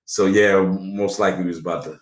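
A middle-aged man with a very deep, low voice tells stories in a relaxed, unhurried way. He slips into lively voices when he quotes people. The room around him is echoey. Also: far from the mic. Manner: storytelling, laid-back, quotes people in animated voices. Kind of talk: casual chat.

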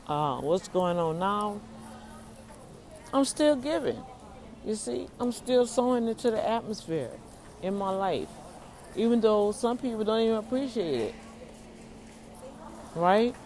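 Animated preachy woman vlogging. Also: mid-range voice, slow pace, pauses often. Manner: animated, preachy, talks straight to viewers; snacking while talking. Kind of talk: casual testimony vlog.

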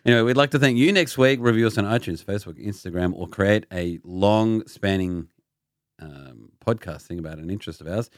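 A man's voice: fairly low pitch, brisk, dry recording, studio quality. A man hosting a casual podcast chat, playfully quizzing his co-hosts. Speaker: podcast host.

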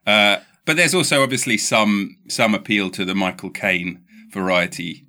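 A man's voice: fairly low pitch, normal speed, pushed and bright. A young man hosting a podcast, joking and teasing his guest in casual chat. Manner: jokey, teasing. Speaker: podcast host.

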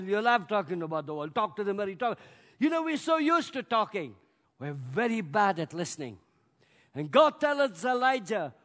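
Male preacher, high voice, goes loud then real quiet, long echo of a big church hall. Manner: dramatic swings between loud outbursts and hushed, drawn-out words. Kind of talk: sermon. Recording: long reverb of a large hall.

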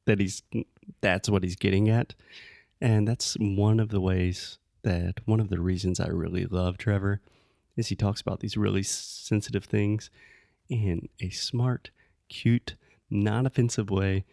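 A man co-hosting a casual English-learning podcast, patiently explaining words and gently correcting. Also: lowish voice, steady tone, a little slow, vocal fry, no room sound, clean studio sound. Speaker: podcast co-host. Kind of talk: casual chat teaching English.

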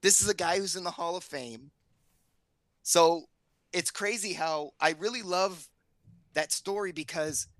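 Middle-aged man, bright forceful voice, podcast co-host, lively storyteller, dry close sound. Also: dry recording. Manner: animated storyteller, acts out quotes with raised pitch. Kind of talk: casual chat.

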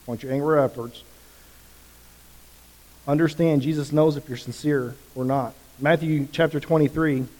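A man preaching a sermon as pastor, with passionate emphasis that swings from quiet to loud. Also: medium pitch. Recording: long reverb of a large hall.

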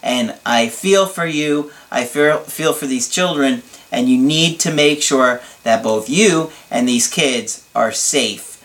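Guy coaching on relationships, blunt and emphatic, jokes around a bit, mid pitch. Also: takes it slowly, hardly any pauses, a bit bright. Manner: blunt and emphatic, lists harsh words, playful asides. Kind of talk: advice video reading and answering a viewer's letter.

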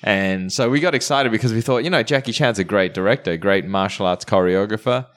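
A man hosts a casual podcast with a fairly low voice. He jokes around and banters crudely with his co-hosts, keeping the talk loose. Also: brisk, fairly bright tone. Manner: jokey, playfully crude banter. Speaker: podcast host.

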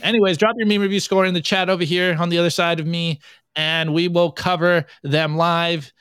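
Animated man reviewing memes, crisp dry voice. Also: on the high side, fairly quick, no echo. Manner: animated, jokey, puts on voices for quoted memes. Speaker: podcast co-host. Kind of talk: casual meme review chat.

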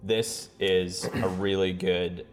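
Laid back dude explaining stuff, low voice, lingering reverb on him. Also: male voice, flat delivery, slow pace. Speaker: podcast co-host. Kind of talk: casual chat.

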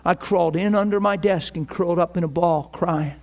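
A middle-aged man preaching, telling a story and acting out both sides of phone calls. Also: brisk. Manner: animated, acts out phone calls with rising pitch. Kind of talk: storytelling sermon.

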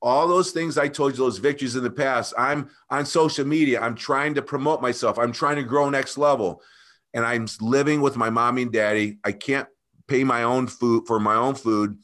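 A man guest telling an emotional personal story, earnest and animated, often calling the host by name. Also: mid-range voice, normal speed. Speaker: podcast guest.

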